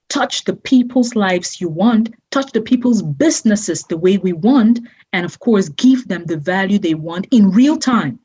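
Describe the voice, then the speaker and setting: Husky-voiced woman giving effusive thanks. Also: medium pitch, dark tone, muffled recording. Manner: effusive, repeats imagery, laughs often. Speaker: guest, entrepreneur. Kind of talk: emotional testimonial interview.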